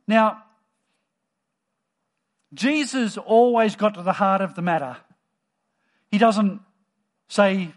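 Conversational male preacher, slightly high voice. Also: moderate pace, pauses often. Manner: conversational, lively storytelling. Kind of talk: sermon.

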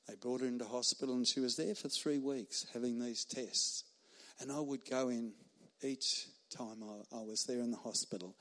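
A middle-aged man, a hospital chaplain, preaching a sermon in an earnest, emphatic way with pauses and a warm laugh at his own stories. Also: medium pitch.

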